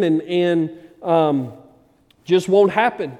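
A man preaching a sermon as pastor, moving from loud emphatic passages to low quiet ones. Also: a little slow, in a large hall, muffled recording. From Arkansas, USA.

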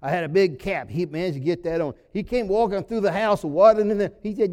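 A male pastor, preaching a sermon as folksy storytelling that swings between loud emphasis and sudden low drops. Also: fairly quick. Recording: long reverb of a large hall.

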